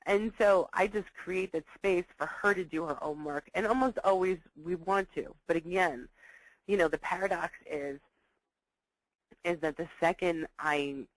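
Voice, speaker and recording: A woman educator giving a recorded teaching talk to parents, repeating key points and acting out dialogues in lively voices. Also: on the low side, measured pace, no echo, poor audio.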